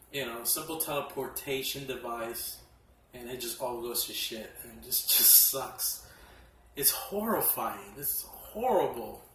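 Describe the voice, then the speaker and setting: A man casually reviewing horror films from his collection, excitable and profane, often laughing as he talks. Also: mid-range voice, background noise. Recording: echoey room, mic at a distance.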